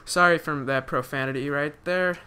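A man's voice: on the high side, moderate pace, bright, forceful tone, clean tone. A young man giving live gameplay commentary, rambling with many fillers and restarts, swearing when startled. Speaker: gaming commentator.

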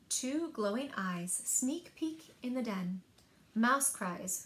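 A woman librarian reading children's picture books aloud in a rhythmic, expressive way. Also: fairly high pitch, slow pace. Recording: echoey room.

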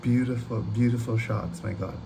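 A man hosting a trailer reaction video, gushing excitedly, rambling and swearing freely. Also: mid-range voice, normal speed, vocal fry, background noise.

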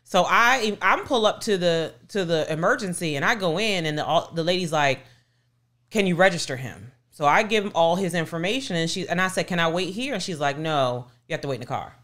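A woman's voice: fairly low pitch, lively intonation, brisk, a bit bright. A middle-aged woman co-hosting a podcast, animatedly retelling a story and acting out the voices of people in it. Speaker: podcast co-host. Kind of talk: casual storytelling chat.

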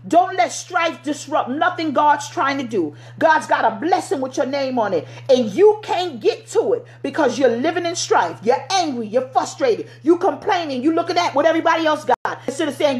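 A woman's voice: sits high, lively intonation, normal speed, few pauses. A middle-aged woman preaching a sermon, fervent and exhorting, slipping into everyday vernacular as she urges her listeners.

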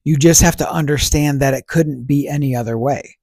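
A man's voice: a little high, brisk, darkish tone, no echo, clean studio sound. A man hosting a podcast, talking through ideas in a casual, reflective monologue, posing rhetorical questions and answering them himself. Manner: conversational, fillers like "you know" and "right". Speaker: podcast host.

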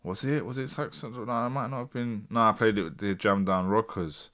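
Male host, low voice, rambling casual stream chat. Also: steady tone, brisk, a bit bright. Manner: chatty, thinking aloud, reads out viewer comments.

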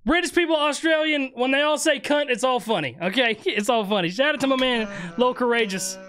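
Brief: male live streamer, high voice, casual and jokey, reacts to music. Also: a little fast, fairly bright tone, clean tone. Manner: laid-back, joking, slangy, trails off and restarts.

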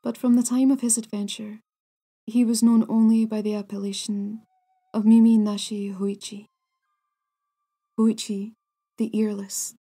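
A woman hosting a folklore podcast, narrating a ghost story in a hushed, half-whispered, deliberate way. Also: mid-range voice, little pitch movement, slightly rough. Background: soft music.

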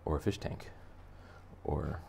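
A man's voice: slow, a little mellow, slight background noise. A man teaching a drawing lesson for kids in a playful, jokey, conversational way. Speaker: art teacher.

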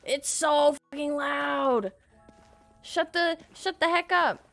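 A young woman doing casual commentary while playing a shooter game, excitable and screaming often, laughing and swearing between calmer stretches. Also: high voice, takes it slowly, gravelly, soft background music. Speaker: gaming streamer.

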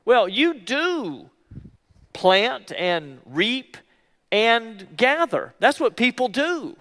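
A male pastor preaching a sermon in an emphatic way, repeating key phrases slowly for weight. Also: very high voice, sing-song, sharp tone, long reverb tail. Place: church.

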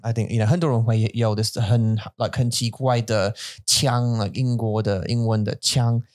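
A man's voice: mid-range voice, flat delivery, normal speed, darkish tone. An Englishman co-hosting a podcast in an easy, casual way. He stumbles and repeats words as he switches between English and Mandarin. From England. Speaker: podcast co-host. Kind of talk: casual bilingual chat.

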